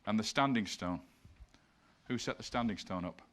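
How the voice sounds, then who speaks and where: A man's voice: lowish voice, moderate pace, a bit bright. Man giving an illustrated lecture. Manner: explains slide by slide, pointing things out; reads scripture passages aloud.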